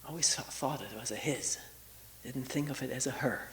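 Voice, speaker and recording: Speaking at an extremely low pitch, a woman in her sixties leads a reflective spiritual talk as a meditation retreat teacher. The pace is slow and searching, with long pauses and regular slips into a half-whisper, while slight background noise and poor audio mark the clip.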